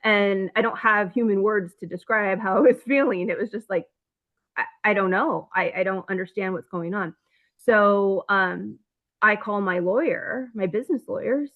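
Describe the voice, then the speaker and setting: A woman telling her own story as an interview guest, acting out both sides of phone calls, with nervous laughs and stumbling restarts. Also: mid-range voice. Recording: thin phone-like audio.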